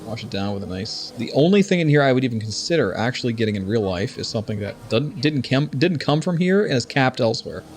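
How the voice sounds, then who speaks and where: A man's voice: medium pitch, big pitch swings, fast, few pauses, slight background noise. A man streaming a video game, commenting casually, joking, swearing and talking to his chat. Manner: jokey, swears, talks to chat. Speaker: gaming streamer.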